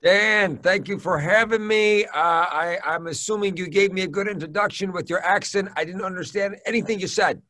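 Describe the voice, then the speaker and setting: A man's voice: sits high, moderate pace, few pauses, pushed and bright. A man, a comedian guest, teasing and bantering in a casual joking chat.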